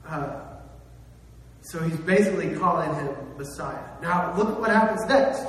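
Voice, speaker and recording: A man preaching in a large hall, recorded by a mic some distance away, so his voice rings with long, heavy reverb. His pitch sits a little high for a man, and he talks to the room like a conversation, tossing out questions and lifting his voice on the phrases that matter. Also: animated, unhurried, a little hiss or hum. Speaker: pastor. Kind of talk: sermon.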